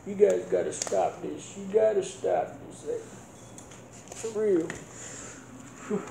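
A laid-back, jobless son mumbles and stammers slowly, voiced by a man. His tone is low and mellow. The room around him carries a roomy echo. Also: vocal fry, slight background noise, full character voice. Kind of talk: comedic sketch acting.

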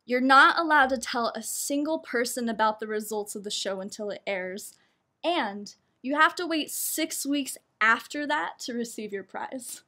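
Brief: young woman storyteller, fairly high voice, laughs through her lines, self-mocking and lively. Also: measured pace. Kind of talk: personal storytelling performance.

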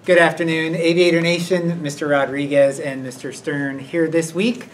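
A man's voice: on the high side, steady tone, moderate pace. A man on school staff presenting character awards in a casual, unscripted announcement, rambling and hesitant with many fillers. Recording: distant mic with faint noise.

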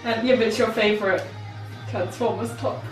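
A woman's voice: medium pitch, fairly even intonation, moderate pace, faint music behind. A young woman co-hosting, teasing and bantering playfully. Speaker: cosplay video co-host. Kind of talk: casual banter. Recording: echoey room, mic far off, faint hiss.

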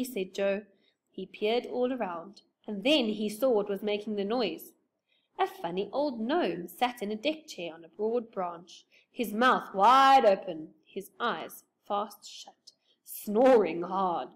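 A woman reading a children's book aloud as narrator, with expressive, animated storytelling. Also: medium pitch, measured pace.

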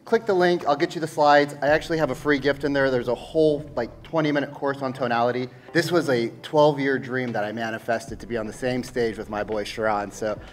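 A man giving a sales-training talk on stage, animated and rhetorical, firing questions at the audience. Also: mid-range voice, a little fast, hardly any pauses. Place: stage before a live audience.

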